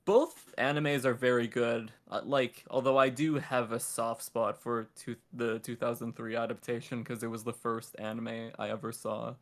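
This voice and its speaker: A man's voice: medium pitch, level tone, moderate pace, hardly any pauses. Rambling enthusiastic male guest. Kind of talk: casual chat.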